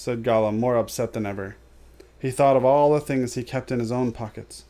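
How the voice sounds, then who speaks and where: A man reading a storybook aloud as a storyteller, steady and measured, with offhand asides. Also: medium pitch.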